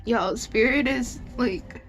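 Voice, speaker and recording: A tarot reader gives a casual, loose and emotional reading, swearing often, saying "like" a lot and becoming teary at times. Her voice is on the high side and she takes it slowly.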